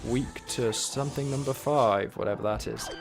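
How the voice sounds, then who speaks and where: With a mid-range voice at a moderate pace, a man streams a game and keeps up casual, wry, rambling commentary, talking to himself as he plays. Faint game music runs in the background.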